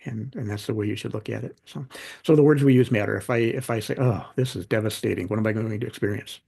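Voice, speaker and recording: Gravelly, husky middle-aged man, guest on a podcast; storyteller who acts out the dialogue. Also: lowish voice, fast. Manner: animated anecdotes, acts out quoted dialogue. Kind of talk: conversational storytelling.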